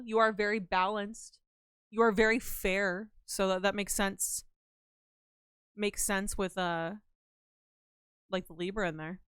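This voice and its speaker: A woman's voice: medium pitch, fairly bright tone, clear, resonant tone, no echo, clean studio sound. A young woman livestreaming, chatting casually and playfully with her viewers in a rambling way. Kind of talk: casual chat with live viewers.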